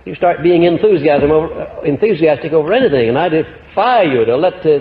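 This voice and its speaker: A man from the United States giving a motivational lecture to a live audience, emphatic, swinging his pitch and loudness. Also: slight background noise. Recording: dull old archival tape in echoey hall.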